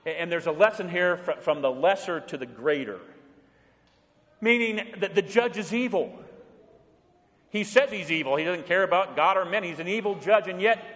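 A middle-aged man, a pastor, preaching a sermon with lively storytelling, swinging between bold and hushed delivery. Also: high voice, normal speed. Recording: long hall reverb.

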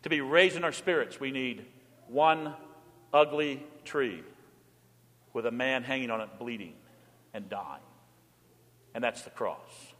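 A man pastor preaching a sermon with emphatic delivery, swinging between forceful passages and hushed ones. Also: medium pitch, measured pace, pauses often. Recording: long hall reverb.

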